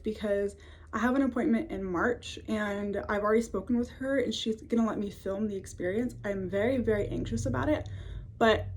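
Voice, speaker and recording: A twenty-five-year-old woman vlogger tells a personal story to camera from her home office. Her mid-range voice is slightly rough, and she's chatty, full of fillers and quick to laugh.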